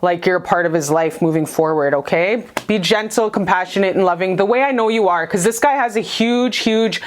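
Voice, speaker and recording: A woman's voice: medium pitch, a little fast. A woman doing a casual tarot reading for her viewers, chatty and blunt, swearing freely and calling them "you guys". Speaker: tarot reader.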